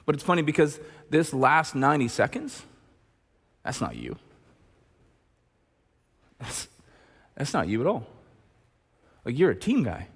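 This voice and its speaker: A man's voice: mid-range voice, big pitch swings, unhurried, pauses often, slightly rough. Conversational pastor, man, in a reverberant hall. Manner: conversational, asks the audience rhetorical questions. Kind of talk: sermon. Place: church auditorium.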